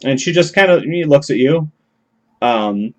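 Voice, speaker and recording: A man's voice: mid-range voice, lively intonation, measured pace, a little mellow, muffled recording. A man narrating a tabletop game as game master, talking loosely with many fillers. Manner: rambling, many fillers and restarts.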